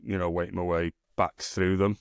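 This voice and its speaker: A man's voice: sits low, flat delivery, moderate pace, gravelly, smooth, no echo, studio quality. A man with a Northern English accent chatting on a podcast, rambling and swearing freely as he teases his co-host. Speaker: podcast co-host and self-published author. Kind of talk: casual podcast chat.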